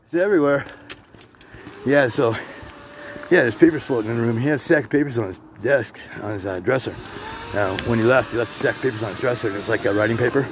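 A middle-aged man telling stories in casual, profane, animated speech as a podcast host. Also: mid-range voice, fast talker, background noise. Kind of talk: casual storytelling. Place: outdoors on a hilltop.

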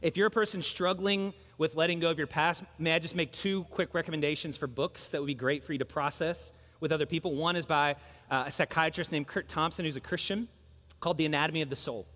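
A man's voice: a little high, fairly even intonation, fast talker, a bit bright, long reverb tail. A man preaching a sermon as pastor, earnest and emphatic, driving points home with repeated phrases.

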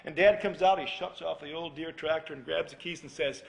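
Bright-voiced male preacher telling a story. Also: a little high, lively intonation, normal speed, gravelly. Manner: storytelling with acted dialogue, dropping to a hushed plea. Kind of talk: sermon illustration and prayer. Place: church.

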